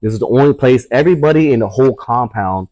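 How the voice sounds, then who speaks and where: A man's voice: mid-range voice, animated, fast talker, darkish tone, dry recording, lo-fi sound. A man, a tattoo artist guest, telling a casual story full of swearing and acting out the voices of people he quotes. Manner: profane, acts out quoted voices.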